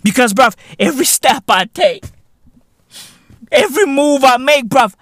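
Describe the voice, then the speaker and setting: A man's voice: extremely high pitch, lively intonation, moderate pace, long pauses, fairly bright tone, no echo, studio quality. A man from South Africa hosting a podcast, in a profane, slangy comedic rant that keeps calling the listener "bruv". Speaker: podcast host.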